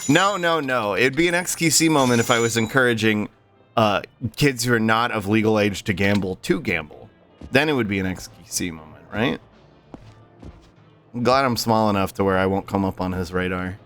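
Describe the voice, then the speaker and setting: A man's voice: fairly low pitch, moderate pace, fairly bright tone, faint music behind. A young man casually streaming a game, swearing, laughing and chatting with viewers. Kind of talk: casual gameplay livestream chat.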